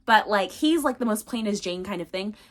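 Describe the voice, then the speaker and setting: A woman's voice: medium pitch, lively intonation, a little fast. Chatty rambling young woman. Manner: rambling, filler-heavy, chatty. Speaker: book reviewer. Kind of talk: casual book recap.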